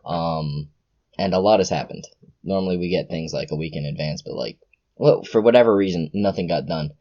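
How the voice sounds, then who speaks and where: A young man hosting a casual podcast chat, an excitable storyteller who gushes with exclamations. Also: low-pitched, brisk, lo-fi sound. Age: young adult. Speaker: podcast host.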